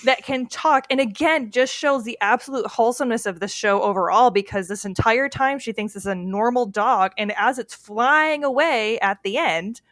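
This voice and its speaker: A woman's voice: a little high, normal speed, hardly any pauses, fairly bright tone, no room sound. Chatty woman on a dry mic. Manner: chatty, laughing, searching for words. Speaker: podcast co-host. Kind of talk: casual chat.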